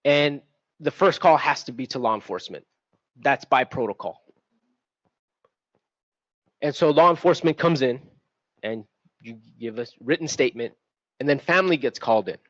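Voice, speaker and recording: A man's voice: medium pitch, animated, normal speed, pauses often, a bit bright, dry recording, muffled recording. A middle-aged man from Texas, a school administrator, speaking on a panel in an earnest, reflective way with restarts. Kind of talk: panel talk, personal testimony. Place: event venue.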